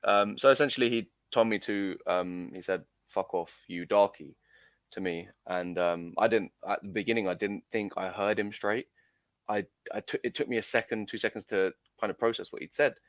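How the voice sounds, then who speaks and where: A man's voice: fairly low pitch, steady tone, brisk, fairly bright tone, no echo. A young man telling a story in an interview, hesitant, with many fillers and restarts. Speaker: amateur footballer guest. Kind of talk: casual recounting in an interview.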